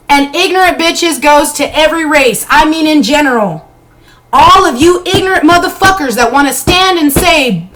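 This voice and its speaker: A woman's voice: sits high, lively intonation, normal speed, fairly bright tone, poor audio. A woman live-streaming from her bedroom, ranting bluntly and heatedly with a lot of swearing. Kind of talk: unscripted live-stream rant.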